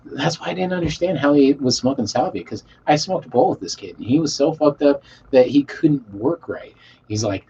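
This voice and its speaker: A man telling a rambling story to a live chat, swearing a lot and trailing off into quiet mumbles. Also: medium pitch, lively intonation, a little fast. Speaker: streamer reading chat. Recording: dull lo-fi mic with faint hiss.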